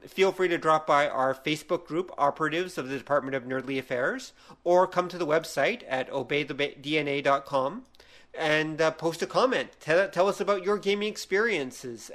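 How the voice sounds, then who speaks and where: A man's voice: fairly high pitch, moderate pace, a bit bright. A man co-hosting a podcast, talking casually and rambling with fillers. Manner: rambling, hesitant. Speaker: podcast co-host. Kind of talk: casual chat.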